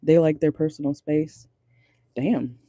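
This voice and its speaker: Chatty man with a dark, dry voice. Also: fairly high pitch, steady tone, unhurried, no room sound. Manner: chatty and amused, laughs often. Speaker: tarot reader. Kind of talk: casual pick-a-card reading. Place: in a car.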